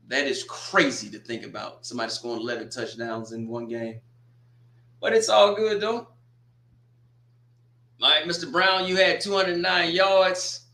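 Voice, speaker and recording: Animated man recapping football scores. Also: on the high side, reverberant. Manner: animated, exclaiming and joking. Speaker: sports commentator.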